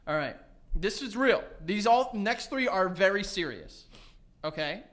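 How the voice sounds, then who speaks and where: A man's voice: high voice, measured pace. A man co-hosting a podcast, rambling through stories with lots of fillers and laughing as he tells them. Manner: rambling, animated, heavy on "like" fillers. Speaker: podcast co-host. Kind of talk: casual chat.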